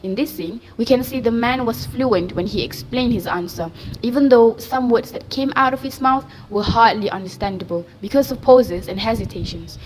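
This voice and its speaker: A woman's voice: a little high, normal speed, a little mellow, rough recording. A woman student reading a class presentation, explaining steadily and often starting with "so". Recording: faint background noise.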